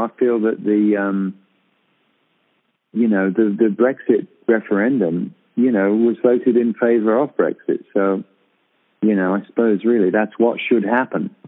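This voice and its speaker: A man's voice: on the low side, steady tone, unhurried. Hesitant man on a tinny phone line. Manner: hesitant, with many fillers and restarts. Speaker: guest on a radio show. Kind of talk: casual radio chat. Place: abroad in Britain, calling in.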